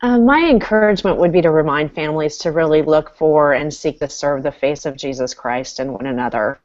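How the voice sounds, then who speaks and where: A woman's voice: low voice, fairly quick, darkish tone, dry recording. A woman panelist speaking in an earnest, encouraging way, over muffled audio with faint guitar behind her. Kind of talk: panel discussion.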